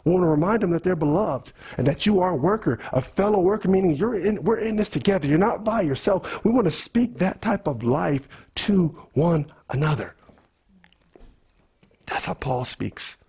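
A man's voice: sits high, lively intonation, normal speed, a little mellow, slightly rough. A man preaching a sermon, teaching through a letter in casual, emphatic speech that repeats words and mixes scripture with everyday talk.

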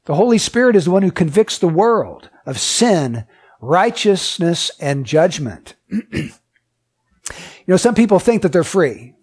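High-voiced man preaching an emphatic sermon. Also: big pitch swings, measured pace, darkish tone, slightly rough. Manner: asks the listeners many questions; emphatic and repetitive.

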